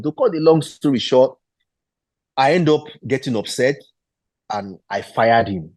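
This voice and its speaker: A man with a Nigerian accent tells his story in a sit-down interview, pitched in an ordinary middle register. He acts out the people he quotes, and his sentences often restart mid-thought. The sound is dry, with no room around it. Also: a little slow, pauses often, no room sound. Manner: animated retelling, acting out the people he quotes; frequent restarts and repeated words. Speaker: guest footballer.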